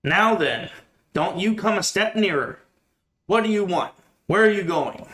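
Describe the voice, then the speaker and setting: A man's voice: mid-range voice, normal speed, a bit bright, natural voice. A man doing a blunt old hobbit farmer. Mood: challenging shout. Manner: blunt, homely country talk. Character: gruff old male hobbit farmer, protective.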